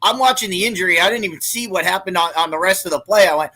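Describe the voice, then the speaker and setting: A man hosting a casual sports talk, excitable and prone to stammering and repeating himself. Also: high voice, quick pace, few pauses, low-quality recording.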